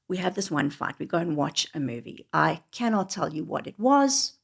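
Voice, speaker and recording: A woman telling a wry, confessional personal story, often dropping into hushed whispered asides. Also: sits low, big pitch swings, moderate pace, creaky, few pauses, breathy edge.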